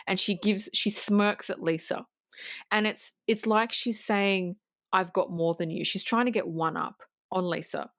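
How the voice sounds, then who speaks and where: A woman co-host recounts a film scene in relaxed podcast chat. She talks in an animated way, curses freely and restarts her sentences often. Her mid-pitched voice is recorded close and dry, with no room sound. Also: measured pace, no room sound. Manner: animated retelling, swearing, frequent restarts. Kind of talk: casual film recap.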